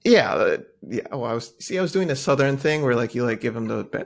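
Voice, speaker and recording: Lively, animated male podcast co-host. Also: medium pitch, quick pace, gravelly. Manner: animated, laughing, slips into mocking impressions. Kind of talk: casual chat.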